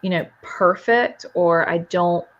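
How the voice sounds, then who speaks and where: A woman's voice: fairly low pitch, slow, lo-fi sound. A woman co-hosting a podcast, talking in a reflective, encouraging way. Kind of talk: casual conversational interview.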